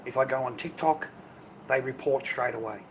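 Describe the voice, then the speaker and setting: A man's voice: mid-range voice, moderate pace, vocal fry, noisy background. An Australian man ranting casually on his live stream, profane, rambling and dismissive.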